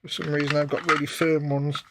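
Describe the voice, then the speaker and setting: On a live stream, a British man chats casually while struggling with a model kit, mocking himself and muttering as he fiddles with parts. His voice is a little high and a little fast, with little pitch movement. Loud background noise and keyboard clicks fill the recording.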